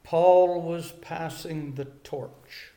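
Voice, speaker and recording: Slow, earnest older man preaching. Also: on the high side, steady tone, dark tone, slight background noise. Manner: slow, earnest, repeats key phrases for emphasis. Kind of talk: sermon.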